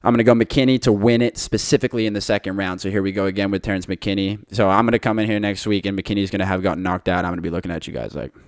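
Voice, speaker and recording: A man's voice: low-pitched, fairly even intonation, racing, hardly any pauses, dry recording, studio quality. A man hosting a podcast, giving his betting picks in a confident, chatty monologue to listeners. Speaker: podcast host.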